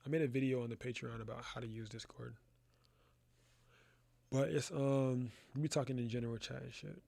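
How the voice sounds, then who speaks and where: Gravelly, laid-back young man hosting a class. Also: mid-range voice, steady tone, fairly quick, dark tone, no echo. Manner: loose, rambling, slangy, says "bro" a lot. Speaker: photography class host. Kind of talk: casual live-stream chat. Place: his photo studio.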